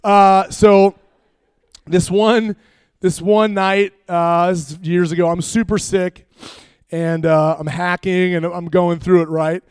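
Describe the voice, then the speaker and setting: A young man, a youth pastor, preaching and telling a funny personal story with animated, jokey asides. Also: sits high, slow, clean tone, no room sound, clean studio sound.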